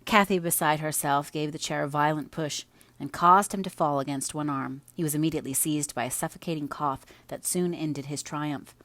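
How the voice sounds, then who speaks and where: A woman narrating a classic novel as an audiobook reader, in measured storytelling. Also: low voice, steady tone, fairly bright tone, dry recording.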